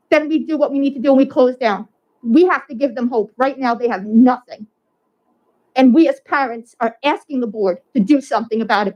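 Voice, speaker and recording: A woman's voice: high-pitched, a little fast, darkish tone, low-quality recording. A woman speaking as a parent at public comment, emotional, pleading and insistent, repeating herself for emphasis.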